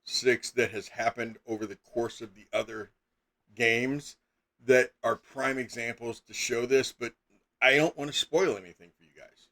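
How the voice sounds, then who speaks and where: A middle-aged man talks to his players as a game master. He rambles casually with many fillers, then bursts into emphatic asides. His voice sits at an ordinary male pitch. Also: fairly even intonation, normal speed, pushed and bright. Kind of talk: casual chat on a live stream.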